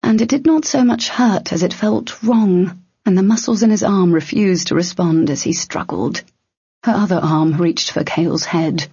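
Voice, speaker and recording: A woman narrating an adventure story in steady storytelling. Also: on the low side, normal speed, slightly rough, no room sound. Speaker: audiobook narrator. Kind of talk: scripted narration. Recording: dull lo-fi audio.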